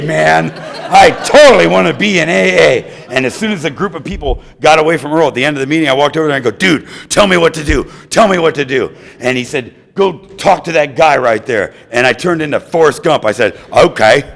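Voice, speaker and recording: Animated American man telling his story. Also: medium pitch, creaky. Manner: animated, acts out voices of others. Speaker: recovery meeting speaker. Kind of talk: storytelling talk at a recovery meeting.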